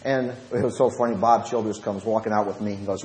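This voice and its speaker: A man with a Southern US accent, a preacher telling lively stories from Bible studies and switching between fast talk and slow, low speech. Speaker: preacher and Bible study teacher. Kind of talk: storytelling lesson. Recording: roomy echo.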